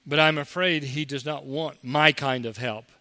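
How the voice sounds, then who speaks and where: A man's voice: fairly high pitch, steady tone, moderate pace, sharp tone, long reverb tail. A man preaching a sermon as pastor, talking conversationally and mocking the people he quotes.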